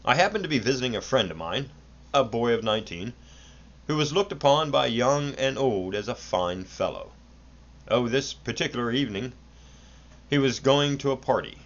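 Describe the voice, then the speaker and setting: A man reading an old book aloud in an earnest, unhurried way, with small slips, in a dull lo-fi home recording. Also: mid-range voice, animated, fairly bright tone. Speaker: audiobook reader.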